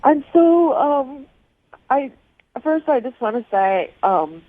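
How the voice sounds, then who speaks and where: A woman on the phone to a radio show, crying as she talks in halting, broken sentences. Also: high-pitched, big pitch swings. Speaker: caller. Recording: tinny phone line.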